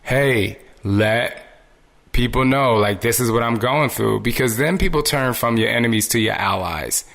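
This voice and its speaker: On his solo motivational podcast, a man talks earnestly and conversationally about everyday decency, now and then acting out little exchanges. His medium-pitched voice is a bit bright, carries vocal fry, and moves a little slowly.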